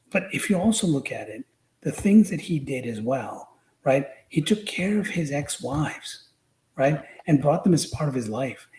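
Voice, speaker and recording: A man's voice: on the high side, echoey room, poor audio. A man talking as a podcast guest, telling stories with animation and acting out the quotes. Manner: animated storyteller, acts out quotes. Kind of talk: casual political chat.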